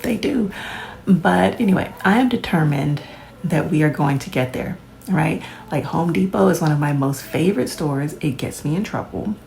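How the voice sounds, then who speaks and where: A woman's voice: sits low, animated, moderate pace, gravelly, darkish tone, slight background noise, low-quality recording. A woman, chatting casually to camera as a vlogger, laughing often and adding playful asides. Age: 40s.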